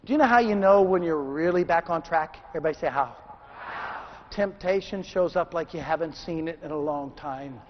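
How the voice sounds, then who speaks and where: A middle-aged man giving a motivational speech to a room full of people, calling out for the crowd to answer back and swinging between shouting and hushed intensity. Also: on the high side, brisk, big-room sound, a little hiss or hum. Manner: call-and-response, demands the crowd answer. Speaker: motivational speaker. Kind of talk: motivational speech to a live audience. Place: large room with an audience. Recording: dull lo-fi recording.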